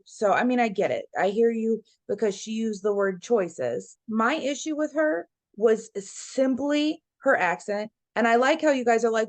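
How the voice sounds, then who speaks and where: A woman's voice: on the high side, moderate pace, few pauses, dry recording. A woman talking bluntly and with feeling in a casual podcast discussion, swearing freely. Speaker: podcast co-host.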